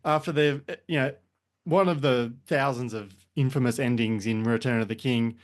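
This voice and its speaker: A man's voice: medium pitch, fairly even intonation, moderate pace. A man co-hosting a podcast, retelling film scenes in casual chat. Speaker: podcast co-host.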